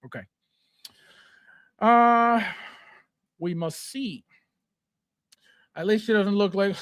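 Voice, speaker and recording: A man's voice: high voice, animated, very slow, long pauses, sharp tone, dry recording, studio quality. A man hosting a collectibles channel, ranting bluntly and scornfully about a figure, profane and sarcastic. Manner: repetitive, sarcastic jabs at viewers.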